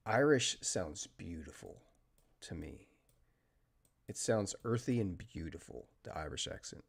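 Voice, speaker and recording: An American man hosting a live trading stream, chatting casually and talking through market moves, with fillers and trailing pauses. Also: low-pitched, creaky, slightly rough. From United States. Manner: steady technical market commentary. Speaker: trading livestream host.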